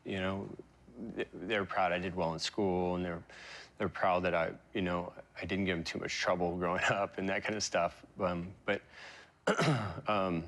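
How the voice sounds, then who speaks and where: A man with a fairly low voice recalls his past as an interview guest. He talks in a halting, emotional way, stopping and restarting often with fillers. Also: flat delivery, fairly bright tone. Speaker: interview guest, pro surfer. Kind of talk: reflective interview storytelling.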